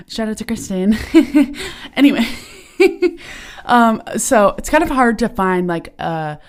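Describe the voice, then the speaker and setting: A young woman hosting her own podcast in casual, bubbly chat full of fillers and giggles, recorded in a small sauna. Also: lowish voice. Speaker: podcast host. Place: small turned-off home sauna. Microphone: podcasting equipment while lying on her stomach.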